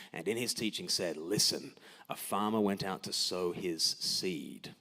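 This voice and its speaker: A man's voice: mid-range voice, a bit bright. A man preaching a sermon in a church, emphatic, with rhetorical questions and repeated words at the start of his sentences.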